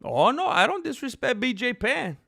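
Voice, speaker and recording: A man's voice: very high-pitched, sing-song, normal speed, gravelly, sharp tone. A man hosting a casual livestream, joking around and reading out names from the chat. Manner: playful, joking, reads chat names aloud. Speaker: livestream host.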